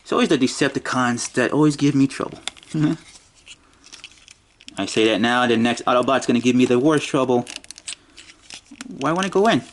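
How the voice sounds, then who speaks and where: A man's voice: medium pitch, moderate pace, pauses often, a little hiss or hum. A man giving a casual toy review, muttering and joking to himself as he handles the figure.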